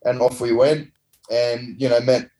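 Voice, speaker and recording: An Australian man, a former rugby player, telling relaxed, rambling anecdotes in a casual interview. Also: mid-range voice, a little slow, rough recording. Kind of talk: casual storytelling.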